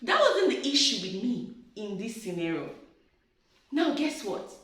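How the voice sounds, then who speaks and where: Animated woman telling a story. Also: a little high, unhurried. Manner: animated, chatty storyteller who laughs often. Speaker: marriage advice speaker. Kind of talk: storytelling advice talk. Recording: very echoey room.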